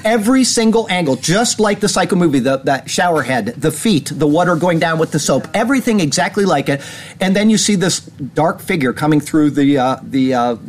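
A man's voice: fairly high pitch, brisk, slight background noise. A man hosting a casual commentary show, rambling and retelling stories with laughs. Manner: rambling, animated storytelling with laughs. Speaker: host.

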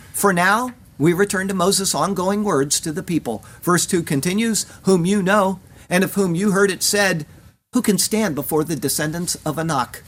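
A man's voice: high-pitched, a bit bright. A man, preaching a verse-by-verse sermon, reading scripture aloud and explaining it with casual asides. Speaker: pastor.

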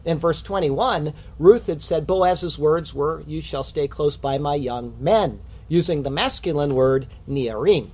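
A man with a husky, somewhat high voice preaches a sermon. He teaches earnestly, reading scripture and posing questions to his listeners. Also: a little slow, few pauses, darkish tone. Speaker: pastor.

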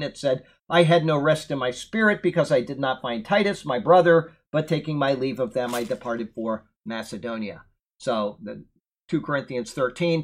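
Man, Bible teaching, verse-by-verse commentary, earnest, emphatic quotes, somewhat high voice. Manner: earnest, emphatic when quoting scripture, loose asides.

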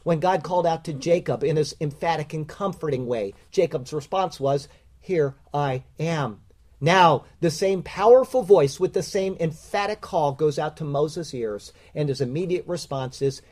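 Male preacher, verse-by-verse sermon, fairly high voice, slows on quotes, emphatic. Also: darkish tone. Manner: deliberate, emphatic, slows to stress quoted words. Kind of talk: expository Bible teaching.

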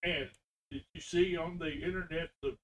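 A man taking part in a Bible study, speaking quietly and reading scripture aloud. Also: a little high, fairly even intonation, normal speed, far from the mic, lo-fi sound, crowd noise. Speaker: study participant. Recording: faint voice, husky, from off-mic.

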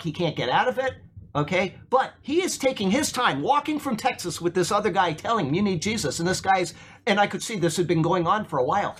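A man's voice: on the high side, a little hiss or hum. A man preaching an informal sermon, telling a story and asking the congregation questions. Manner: storytelling, asks the room questions, repeats words when excited. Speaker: pastor.

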